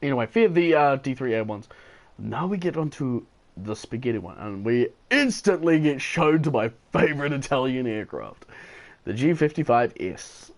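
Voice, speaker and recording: A man's voice: mid-range voice, big pitch swings, normal speed. A man giving casual, rambling gameplay commentary, tired and yawning, with enthusiastic, playful asides. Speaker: gaming video host.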